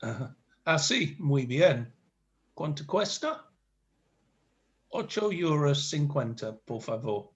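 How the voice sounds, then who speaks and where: Bloke learning spanish, bit unsure, slightly high voice, muffled sound. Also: male voice, expressive, slow, pauses often. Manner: self-deprecating, chuckles, hesitant. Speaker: adult student. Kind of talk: reading practice lines in a lesson.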